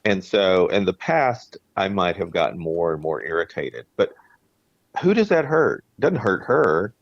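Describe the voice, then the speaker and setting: A man's voice: low-pitched, big pitch swings, measured pace, creaky, slightly rough, no echo. A man co-hosting a podcast, talking in an earnest, reflective way and often restarting his sentences. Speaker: podcast co-host. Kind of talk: casual chat. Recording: dry, dull lo-fi sound.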